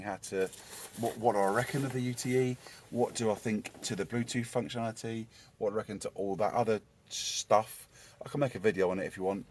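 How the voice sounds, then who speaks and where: Male DIY vlogger, lowish voice, casual rambling workshop chat, goofy asides. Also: darkish tone. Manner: rambling and jokey, talking to himself as he works. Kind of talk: casual workshop chat while fitting a stereo.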